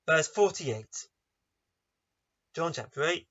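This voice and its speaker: Animated preacher, bright voice. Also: male voice, a little high, slow pace. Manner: emphatic, asks many rhetorical questions. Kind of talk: sermon. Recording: dull lo-fi online service recording.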